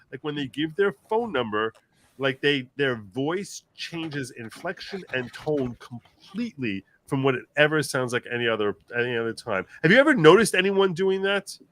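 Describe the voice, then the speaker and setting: Animated bright-voiced man hosting a stream. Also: a little high, moderate pace. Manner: animated, laughs often, mimics voices. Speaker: livestream host. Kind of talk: casual panel chat, reading viewer comments.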